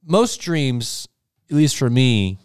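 A man's voice: medium pitch, sing-song, slow, a little mellow, smooth. A man in a casual chat, asking wry, probing questions about a friend's dream. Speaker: podcast co-host.

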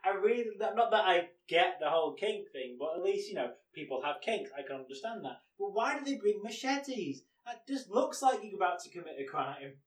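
A man's voice: sits high, sing-song, moderate pace, hardly any pauses, far from the mic. A man co-hosting a podcast in casual comedic chat, giggly and jokey, riffing on tangents. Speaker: podcast co-host. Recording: roomy sound, away from the mic.

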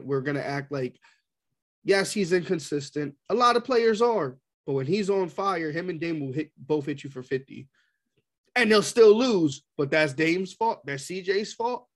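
Casting: male sports pundit, slightly higher voice, heated casual rant. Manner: animated, ranting, quoting people in voices. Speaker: sports talk co-host.

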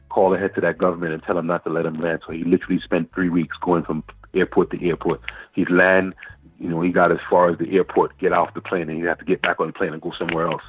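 A man's voice: sits low, breathy edge, no echo. A man in his fifties from Antigua, a guest poet telling a long story in a radio interview, repeating words and phrases as he goes. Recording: dry phone-like radio line.

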